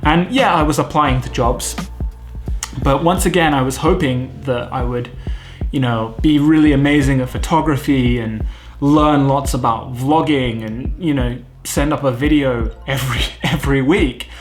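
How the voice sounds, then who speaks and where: A man's voice: medium pitch, moderate pace, faint music behind. A British man in his thirties, vlogging to camera in an earnest, self-critical way, thinking aloud at home. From United Kingdom. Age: 30s. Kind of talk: candid reflective vlog talk to camera.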